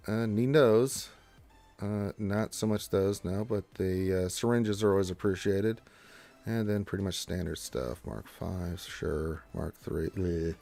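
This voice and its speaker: Excitable man hosting a gaming livestream. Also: low voice, vocal fry. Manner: excitable, chatty, talks to himself while playing. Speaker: livestream host. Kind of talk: casual livestream chat while gaming.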